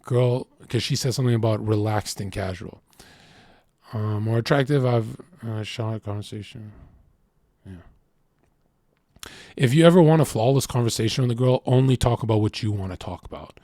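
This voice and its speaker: A man's voice: fairly low pitch, moderate pace, long pauses, dark tone, no echo, studio quality. A man streaming, reacting to chat and reading messages aloud, in a brash, profane, boastful way, rambling and acting out bits of dialogue.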